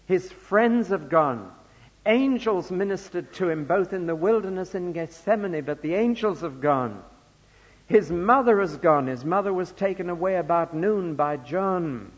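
A man preaching a sermon with a slightly raised, husky voice. He punches key words loudly, then slows to hushed phrases. The recording is dull and lo-fi, with a long echo from a large hall. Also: a little high. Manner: emphatic, swings between loud stresses and slow hushed phrases.

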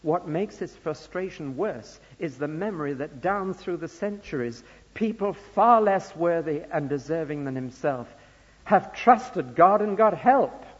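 A man preaching a sermon emphatically, swinging between loud stressed lines and slow, hushed phrases. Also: on the high side, animated, husky. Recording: dull lo-fi recording in a reverberant hall.

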